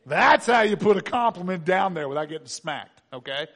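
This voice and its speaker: A high-voiced man preaches a conversational sermon with a lively, swooping delivery. He speaks directly to his listeners, teasing them with quick asides. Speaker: pastor.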